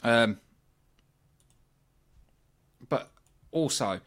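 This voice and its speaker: A man's voice: medium pitch, animated, slow, fairly bright tone. A man with a British accent hosting a wrestling review show, talking casually and giving blunt opinions with frequent ums. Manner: chatty, opinionated, many ums and asides. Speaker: wrestling review podcast host.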